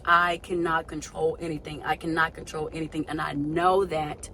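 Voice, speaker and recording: Woman vlogger, low voice with little rise and fall, candid and searching, faint noise behind. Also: flat delivery, normal speed, hardly any pauses, bright, forceful tone, low-quality recording. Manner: candid, searching, repeats her questions. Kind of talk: personal reflective vlog.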